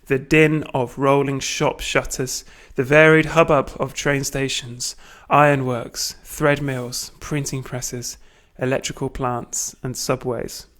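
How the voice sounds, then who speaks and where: A British man reading a manifesto aloud at a deliberate pace, breaking off for wry asides and small self-corrections. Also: medium pitch, level tone, fairly bright tone. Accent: British English. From Britain. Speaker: reader of a manifesto.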